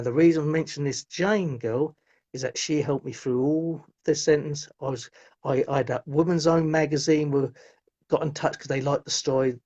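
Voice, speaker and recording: Over muffled lo-fi audio, a middle-aged man tells his life story as a guest in conversation, rambling and often restarting his sentences. His voice is medium-pitched with a darkish tone.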